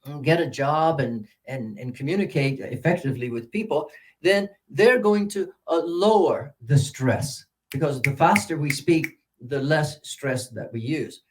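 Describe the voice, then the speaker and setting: An older American man teaching English pronunciation, drawing out example words and swinging between loud and soft. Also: fairly high pitch, expressive, a little slow, a little hiss or hum.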